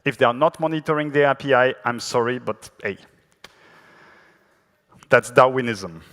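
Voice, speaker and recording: A man's voice: medium pitch, moderate pace, a bit bright. A man with a French accent giving a technical conference talk in a chatty, self-deprecating way, full of fillers and restarts. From France. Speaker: conference speaker. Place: large conference hall. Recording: long hall reverb.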